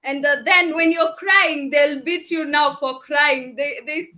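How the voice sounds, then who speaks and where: Bright high-voiced woman host. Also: fairly even intonation, unhurried. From Africa. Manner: laughs often, reads viewer comments. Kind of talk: casual chat.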